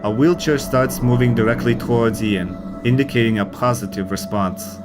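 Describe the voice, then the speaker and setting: A man reading a scripted narration of a haunting in an even storytelling manner. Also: medium pitch, normal speed. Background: music.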